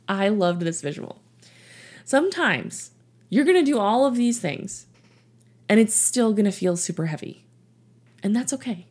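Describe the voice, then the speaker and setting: A woman in her thirties speaks warmly on her solo coaching podcast, reassuring and encouraging throughout. Her voice sits a little low and has a gravelly, fry-tinged texture. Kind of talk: solo self-help podcast talk.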